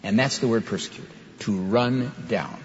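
A man preaching a sermon in a lively, conversational way, with asides to his listeners. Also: medium pitch, normal speed. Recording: dull lo-fi sound with long hall reverb.

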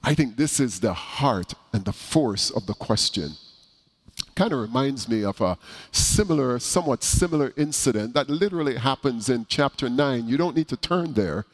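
A middle-aged man preaching a sermon to his congregation, slow and deliberate, rising for emphasis. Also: medium pitch, lively intonation. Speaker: pastor.

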